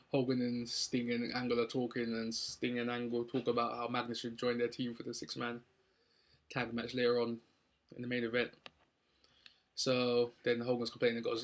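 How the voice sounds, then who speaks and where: A man's voice: medium pitch, a bit bright. A young man from London with a London accent, casually recapping a wrestling show with lots of ums and likes. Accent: London English. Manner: rambling, upbeat, many ums and likes.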